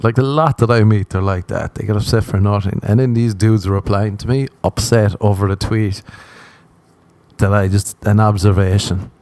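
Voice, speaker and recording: A man's voice: lowish voice, steady tone, normal speed, darkish tone, dry recording. A man with an Irish accent, a podcast host, telling a comic story in a casual way. He acts out the dialogue with lots of laughter. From Ireland.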